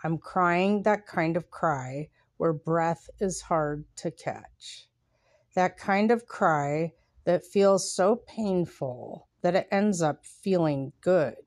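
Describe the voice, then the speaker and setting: A woman hosting a podcast, talking softly and reflectively with pauses, then reading her own writing aloud. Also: on the low side, dry recording, studio quality. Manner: soft, unhurried and reflective, with pauses. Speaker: podcast host.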